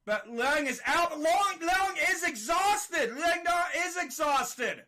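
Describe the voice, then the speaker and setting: A man giving excited live play-by-play fight commentary, rising to shouts at big moments. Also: very high voice, slow.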